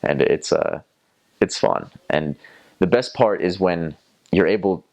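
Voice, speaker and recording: A man's voice: low voice, slow pace, darkish tone, lo-fi sound. A young man casually recounting the languages he learned, rambling with lots of fillers and sounding out foreign words as he goes. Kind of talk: casual storytelling to camera.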